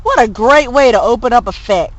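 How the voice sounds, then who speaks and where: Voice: medium pitch, animated, brisk, dull audio, faint music behind, voice pushed up, lightly acted. A reader voicing a sarcastic, dry-witted critic who mocks a fanfic in a lightly raised voice. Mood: mocking. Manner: sardonic, mocking. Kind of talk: comedic fanfic riffing.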